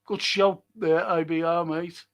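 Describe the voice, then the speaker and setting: Middle-aged guy on a football stream, talks real slow, swears a lot, blunt. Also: fairly high pitch, little pitch movement. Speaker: football podcast host. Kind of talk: casual livestream chat reading viewer comments.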